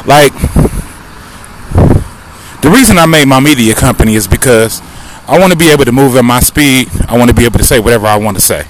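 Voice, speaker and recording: A podcast host with a Southern American accent delivers a casual monologue as he walks outdoors near traffic, speaking emphatically and firing off rhetorical questions. His pitch is medium, and light street noise with passing cars can be heard.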